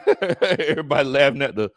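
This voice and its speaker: A man's voice: mid-range voice, animated, normal speed, no room sound. A man hosting a live sports chat, reading viewer comments, teasing his audience and laughing often. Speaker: sports talk host.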